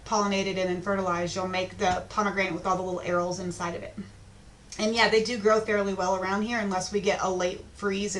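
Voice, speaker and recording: A woman's voice: medium pitch, fairly bright tone. A woman teacher giving a casual online lesson, chatty and informal, with plenty of ums.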